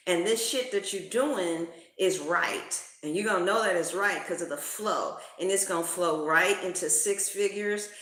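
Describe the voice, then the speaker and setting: A woman's voice: lowish voice, normal speed, hardly any pauses, fairly bright tone. A woman reading tarot cards in a casual, slangy, profane way. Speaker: tarot reader. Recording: roomy echo.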